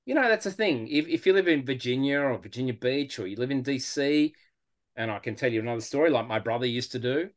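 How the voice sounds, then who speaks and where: An Australian man as a podcast guest, talking in a relaxed, rambling way with lots of fillers. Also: medium pitch. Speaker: guest fan. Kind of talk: casual podcast interview.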